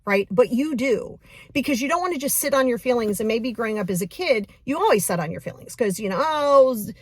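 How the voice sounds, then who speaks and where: A woman's voice: on the high side, quick pace, breathy edge, no echo. Woman coaching a mindfulness exercise. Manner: casual, animated, talks straight to the viewer.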